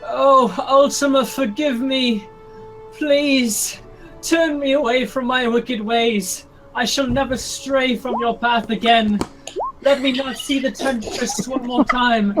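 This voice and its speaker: A woman's voice: high voice, steady tone, takes it slowly, music in the background, voice pushed up, low-quality recording. Woman doing a pleading penitent man. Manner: pleading, overwrought piety. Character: penitent man whipping himself, pleading and showy.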